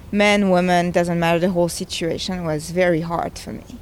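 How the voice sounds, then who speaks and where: A woman's voice: fairly low pitch, steady tone, normal speed, hardly any pauses. A woman in her thirties, a game creator, talking earnestly and with conviction in a conversational interview. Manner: earnest and emotional, speaks with conviction. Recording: faint background noise.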